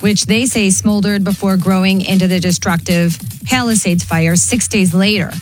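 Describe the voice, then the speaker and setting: Woman reading radio news, mid pitch, brisk and factual, faint music behind. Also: steady tone, poor audio. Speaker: radio co-host and news reader.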